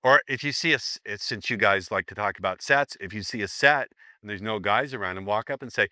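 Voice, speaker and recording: A man's voice: fairly low pitch, a little fast, few pauses, pushed and bright, no echo. A man teaching a live seminar, joking and rambling as he acts out sample lines for the room. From United States.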